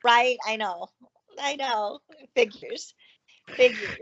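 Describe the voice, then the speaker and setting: Woman, guest, higher voice, chatty, rambling storyteller, lots of fillers, dull lo-fi audio. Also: slow pace, a bit bright. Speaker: guest, ranch owner. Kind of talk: casual chat.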